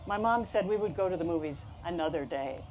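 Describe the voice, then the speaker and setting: A woman reading a children's picture book aloud, with expressive narration and asides about the pictures. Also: fairly low pitch, brisk, faint music behind. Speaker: storybook reader.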